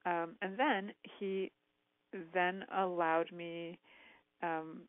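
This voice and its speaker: A woman's voice: fairly low pitch, steady tone, drawn-out words, dry recording. A woman host telling a personal story frankly, rambling with lots of "like" and "um". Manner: frank, rambling, heavy use of "like" and "um". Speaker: talk show host. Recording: tinny phone-line sound, dry.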